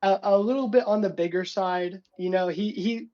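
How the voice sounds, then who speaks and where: A man's voice: high-pitched, fairly even intonation, moderate pace, warm tone, dull audio. A man narrating a tabletop game as game master, rambling casually with many fillers.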